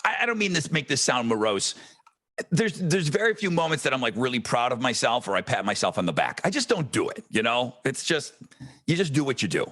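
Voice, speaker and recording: A man's voice: mid-range voice, fairly quick. A man co-hosting a podcast in casual chat, telling stories with plenty of swearing. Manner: animated storyteller, swears freely. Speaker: podcast co-host; radio host.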